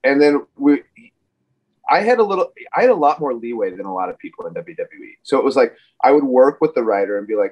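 A man's voice: mid-range voice, sing-song, fast talker, a little mellow, rough recording. A man in his forties, a guest on a podcast, talking casually and rambling with many fillers and restarts. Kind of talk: casual interview chat.

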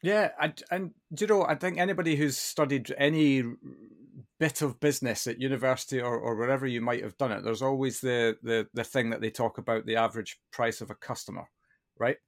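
A man's voice: mid-range voice, steady tone, a little fast. A man hosting a podcast, reflecting on his guest's story in a thoughtful, conversational way. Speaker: podcast host. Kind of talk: conversational interview.

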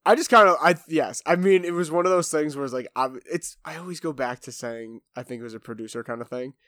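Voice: mid-range voice, fast, a bit bright, no room sound, clean studio sound. A podcast co-host chatting casually about a reality show in a wry, hesitant way, often trailing off.

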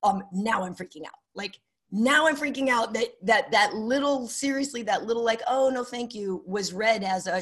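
A woman's voice: fairly high pitch, moderate pace. A middle-aged woman, a sports broadcaster and podcast guest, telling stories casually and acting out quoted dialogue. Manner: animated, acts out quoted dialogue. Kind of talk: casual interview storytelling.

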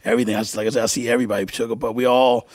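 A middle-aged man, a music producer guest, telling stories in a casual interview, halting and repeating words as he acts out quoted dialogue. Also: medium pitch, flat delivery, darkish tone, no echo, clean studio sound.

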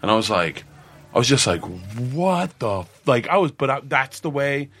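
A man's voice: mid-range voice, a little fast. A middle-aged man from the American South, telling stories in casual chat and acting out the people he quotes. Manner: animated storyteller, acts out quotes.

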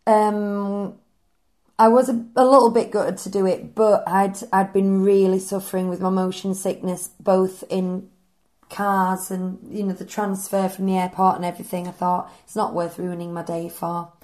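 A woman's voice: mid-range voice, flat delivery, normal speed, darkish tone. A woman with a mid-range voice co-hosts a podcast. She talks casually and tells stories with chatty enthusiasm. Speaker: podcast co-host. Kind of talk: casual chat.

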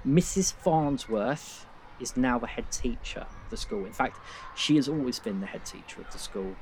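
A British man narrating a tabletop role-playing game as game master, relaxed and chuckling. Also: medium pitch, moderate pace, a little hiss or hum.

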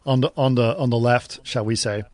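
A man's voice: mid-range voice, fairly even intonation, a little fast, darkish tone, dry recording. A man in a casual political chat, talking in an easygoing way with exasperated asides.

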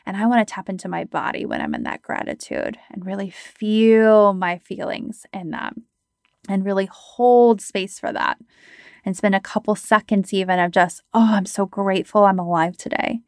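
A woman in her thirties, a coach, talking in a chatty, animated podcast monologue full of fillers. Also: medium pitch, moderate pace, vocal fry, no echo, clean studio sound.

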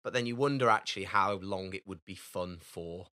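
Bright, playful man. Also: low voice, normal speed. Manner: playful, jokey, teasing. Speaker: podcast co-host. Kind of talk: casual chat.

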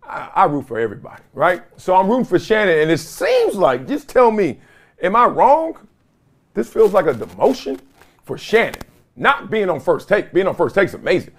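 A man's voice: high voice, sing-song, moderate pace. A man hosting his own show from his home basement, talking straight to a camera in slangy casual commentary and laughing often. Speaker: podcast host. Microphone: video camera or phone.

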